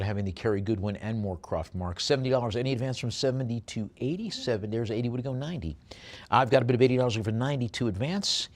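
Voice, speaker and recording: Man, auctioneer, live auction calling, hesitant fillers, joking asides. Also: medium pitch. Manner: chatty, with joking asides between lots; hesitant, many fillers while describing items.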